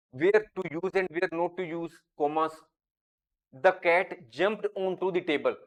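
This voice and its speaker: A man teaching a grammar lesson, going through each example slowly and deliberately. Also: on the high side. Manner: slow, deliberate, explains each example step by step. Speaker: English teacher.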